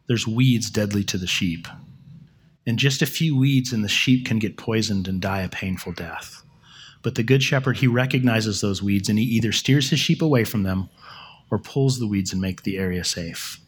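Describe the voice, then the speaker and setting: A man preaching a sermon in a conversational, storytelling way, correcting himself and pausing for effect. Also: on the low side, slightly rough. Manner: conversational, with self-corrections and dramatic pauses.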